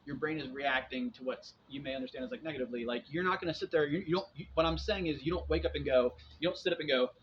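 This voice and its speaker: Talking fast with hardly a pause, a man in his forties with a fairly high voice rambles to his viewers about what he's been through. He keeps restarting lines and dropping fillers, and the audio is dull and lo-fi with faint noise behind him.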